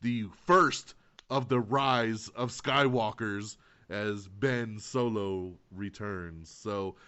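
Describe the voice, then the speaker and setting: A man hosting a casual movie review podcast, retelling scenes with animated, profane excitement. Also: on the low side, extremely slow, clear, resonant tone. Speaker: podcast host. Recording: dull lo-fi podcast audio.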